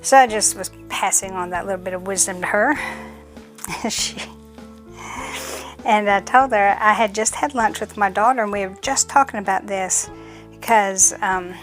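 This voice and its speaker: Middle-aged woman, chatty, animated storytelling, imitates others, mid pitch, soft music bed. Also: measured pace, long pauses. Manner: animated, acts out other people's voices in quotes. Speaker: vlogger and community theater actress.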